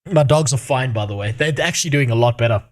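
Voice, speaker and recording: A man's voice: mid-range voice, fast talker. A man streaming casually with a sore throat, swearing often and ranting animatedly. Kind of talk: casual reaction stream chat.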